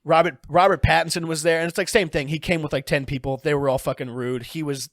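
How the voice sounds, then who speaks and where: A man's voice: a little high, steady tone, quick pace, fairly bright tone, dry recording, studio quality. A man, a guest comedian, telling rambling, profane stories in casual chat, full of filler words.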